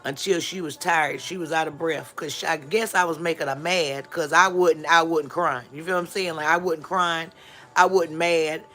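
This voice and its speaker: Lady on a live stream spinning a story, bright tense voice, keeps restarting and acting out who said what. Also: deep voice, moderate pace. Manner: animated storyteller who acts out dialogue; rambling, frequent restarts and asides. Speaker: livestream host.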